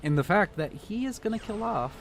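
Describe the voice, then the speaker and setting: A young man casting a strategy video game, excitable and joking, swearing freely as he reacts to the action. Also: high voice, fairly quick, creaky, a little hiss or hum. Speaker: game caster. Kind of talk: casual profane game commentary.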